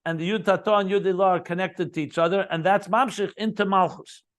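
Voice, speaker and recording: A man leads a text study lesson, explaining each line and repeating key terms. His voice sits high, and he adds eager asides as he goes. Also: steady tone, a little fast. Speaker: Chassidus teacher.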